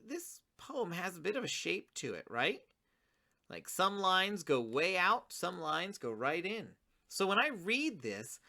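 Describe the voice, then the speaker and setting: Lively, bright-voiced woman teacher. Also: lowish voice. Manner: reads her poem slowly, pausing on single words; encouraging, addresses students directly. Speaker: writing teacher. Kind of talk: children's writing lesson.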